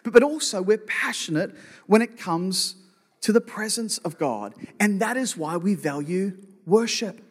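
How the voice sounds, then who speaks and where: Man, pastor, conversational sermon, high pitch, hall reverb. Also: animated, a little slow, husky. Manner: conversational, repeats words when restarting, joking asides. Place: church auditorium. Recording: long reverb of a church hall.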